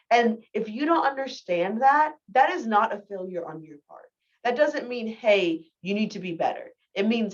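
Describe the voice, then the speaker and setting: Casual woman lecturer, distant dull mic. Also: medium pitch. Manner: casual, candid, self-deprecating. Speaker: biology lecturer. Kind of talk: recorded college lecture.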